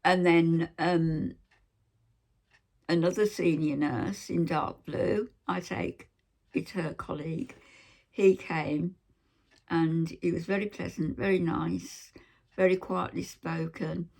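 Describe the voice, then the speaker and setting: A woman telling a personal story to camera in an aggrieved way, pausing often and acting out what others said. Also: lowish voice, fairly even intonation, vocal fry, a little mellow. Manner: aggrieved retelling, acting out others' lines, frequent hesitations. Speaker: vlogger.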